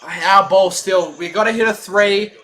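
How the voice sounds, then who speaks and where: A high-voiced man calling a basketball game as a fan, his tone bright and cutting. He talks in an unhurried drawl, then snaps into profane shouts and bursts of laughter at his own team. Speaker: fan play-by-play commentator. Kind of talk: live fan commentary.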